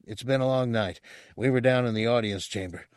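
A man voicing a wary young man who speaks quietly in a low mutter. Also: fairly quick, clean tone, no room sound, clean studio sound, lightly acted.

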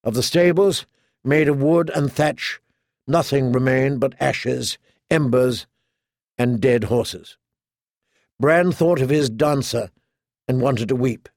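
A man narrating a fantasy novel in a measured storytelling manner. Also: mid-range voice, darkish tone, dry recording, clean studio sound. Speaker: audiobook narrator.

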